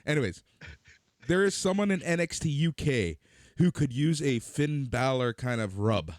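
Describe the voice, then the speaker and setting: A man's voice: mid-range voice, animated, normal speed, dry recording, studio quality. Sardonic man with a bouncy voice. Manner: sardonic, teasing, joking jabs. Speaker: podcast co-host. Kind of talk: casual wrestling review chat.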